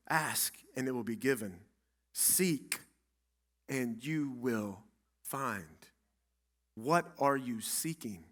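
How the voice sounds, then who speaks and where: A man's voice: mid-range voice, a bit bright. A man pastor delivering a dramatic, emphatic sermon in a church, building up through repeated phrases. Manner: dramatic, emphatic preaching with repetition. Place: church sanctuary.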